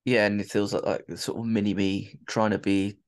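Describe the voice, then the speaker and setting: A man's voice: fairly low pitch, flat delivery, normal speed, smooth. A man interviewing a guest in casual chat, giving brief, agreeable prompts.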